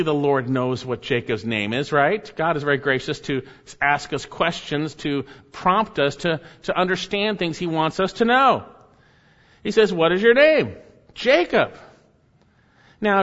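A man preaching a sermon, asking rhetorical questions and repeating key phrases, his voice swinging from high and loud to low and quiet. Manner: repeats key phrases, rhetorical questions, rises and drops sharply in pitch and volume. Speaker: pastor. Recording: dull sound in a hall with long echo.

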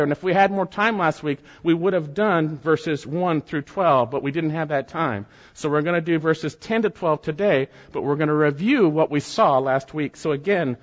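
A man preaching a sermon as pastor, reading scripture aloud and explaining it in an earnest, deliberate way with gentle asides. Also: fairly high pitch. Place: church sanctuary. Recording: long reverb, dull lo-fi sound.

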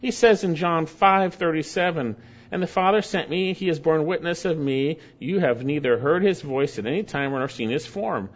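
On a dull, lo-fi recording, a fairly high-voiced pastor teaches from the Bible in an expository sermon. He repeats key phrases for force, slowing way down to stress a point and speeding through brief asides.

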